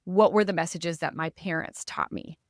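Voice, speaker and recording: A woman's voice: on the low side, steady tone, normal speed, no room sound, studio quality. A woman hosting a casual podcast discussion, reflective and searching for words as she poses questions. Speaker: podcast host.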